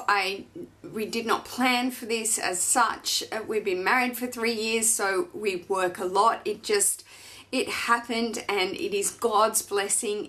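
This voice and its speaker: Unboxing and sharing her personal news, this Australian fashion vlogger in her thirties sounds gushing, chatty, and emotional. Her voice sits a little high and has a bit of brightness.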